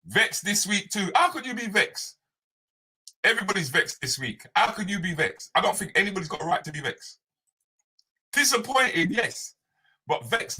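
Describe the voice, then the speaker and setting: Man, live show host, lively swinging pitch, bright. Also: breathy edge. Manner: animated, playful, repetitive banter. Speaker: comedian hosting a live morning show. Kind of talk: live morning chat show, reading viewer comments.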